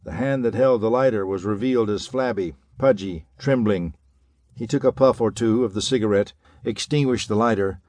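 A man narrating an audiobook of 1930s pulp fiction with a measured, dramatic reading. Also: on the low side, a little mellow, no echo.

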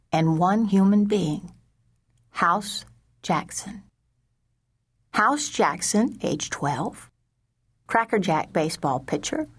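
A woman narrating a children's audiobook in a slow, measured storytelling manner, sometimes dropping to a hush. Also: lowish voice, breathy edge. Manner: slow, measured storytelling with soft hushed passages.

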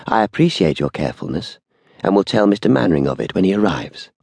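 A man's voice: deep voice, big pitch swings, quick pace, vocal fry, a little mellow, slightly rough, dry recording, exaggerated voice. A man voicing a courteous, deferential old shop assistant who speaks formally and politely. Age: older.

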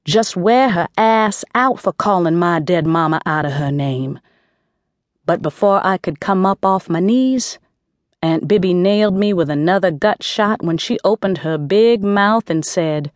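A woman's voice: fairly low pitch, a little slow, no echo, studio quality. A woman narrating a first-person audiobook in a gritty, slangy street voice.

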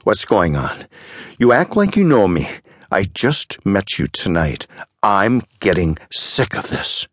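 A man's voice: low-pitched, sing-song, slow, no echo, studio quality, full character voice. A man voicing a rattled male doctor who snaps angrily in an audiobook. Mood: angry. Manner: sharp, angry outbursts.

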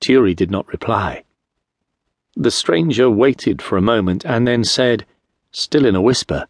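A man narrating an audiobook in a measured, expressive storytelling manner, close to a studio mic. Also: mid-range voice, no room sound. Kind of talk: scripted narration.

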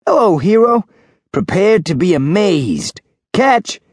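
A man's voice: sits high, very animated, slow, no echo, studio quality, pitched above the performer's own voice, exaggerated voice. A man voicing a fussy, orderly young physics student in an audiobook, easily alarmed. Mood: showy. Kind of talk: audiobook character voice.

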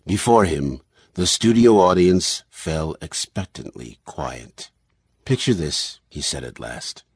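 A man's voice: rumbling low, very animated, slow, a little mellow, slightly rough, dry recording, clean studio sound. A man reading a novel aloud as audiobook narrator, telling the story expressively. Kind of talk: scripted narration.

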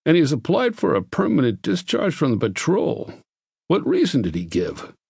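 A man's voice: fairly high pitch, wildly swooping pitch, moderate pace, vocal fry, a little mellow, breathy edge, no room sound, studio quality, pitched above the performer's own voice, exaggerated voice. A male narrator voicing an insistent, curious army doctor who presses with questions. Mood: probing.

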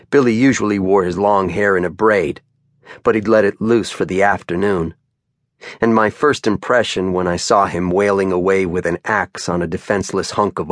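A man narrating a first-person crime novel in a measured, even storytelling manner on a close studio mic. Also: fairly low pitch, dry recording. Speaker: audiobook narrator.

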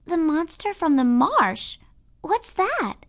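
A woman voicing an eager, sweet young girl who talks in a bright, chirpy, upbeat way in an audiobook. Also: very high voice, very animated, slow pace, voice pushed up, full character voice. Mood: cheerful. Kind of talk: audiobook character voice.

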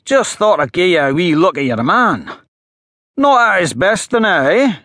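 A man voicing a calm, menacing male killer with a Scottish accent who taunts his victims in mocking, coldly cheerful tones. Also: sits high, measured pace, dry recording, studio quality, pitched above the performer's own voice, heavily acted. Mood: taunting.

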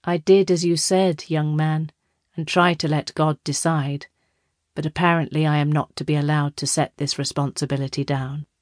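Woman voicing an unhurried, musing emperor. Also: deep voice, little pitch movement, no room sound, clean studio sound, natural voice. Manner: conversational, unhurried. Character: aging emperor, man, conversational and musing.

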